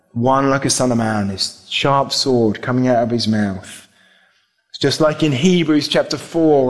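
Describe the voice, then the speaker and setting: A male preacher delivers a sermon with earnest conviction. His voice sits a little higher than most men's. He presses his points home with a run of direct rhetorical questions.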